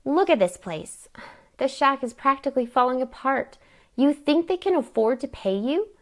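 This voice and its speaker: A woman's voice: medium pitch, monotone, normal speed, lightly acted. A woman reading her story aloud, voicing a stern aunt who scolds her niece. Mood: exasperated. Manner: sharp, scolding, raised voice. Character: stern strict aunt, middle-aged woman, scolding healer.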